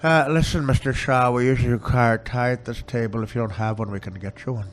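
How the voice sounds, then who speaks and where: A man putting on a cold, gruff gangster boss from an old crime film, who makes quiet demands and veiled threats. The words come out slow and clipped, pitched well below the man's usual voice. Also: steady tone, slight background noise, natural voice. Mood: menacing. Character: menacing low-voiced male 1930s gangster boss. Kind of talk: comic impression on a podcast.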